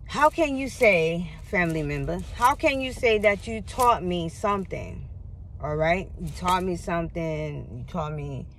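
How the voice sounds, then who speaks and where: A vlogger speaks straight to camera, earnestly telling a painful personal story and calling viewers "y'all," often repeating phrases, stumbling, and starting over. The voice is medium-pitched, expressive, and fairly bright at a normal speed, with a slight hiss or hum.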